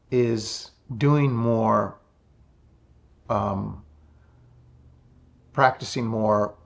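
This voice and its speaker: A man in his fifties, talking slowly and softly with many pauses in a reflective personal monologue about his spiritual path. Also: fairly low pitch, vocal fry. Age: 50s. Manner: slow, soft-spoken and introspective, with many pauses. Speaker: spiritual vlogger.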